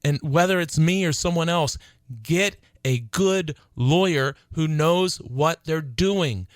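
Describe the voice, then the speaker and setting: A middle-aged man hosting his own radio talk show, speaking earnestly and growing excited as he urges listeners to call. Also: on the high side, dry recording. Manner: earnest, excitable, laughs between phrases. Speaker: attorney and radio show host.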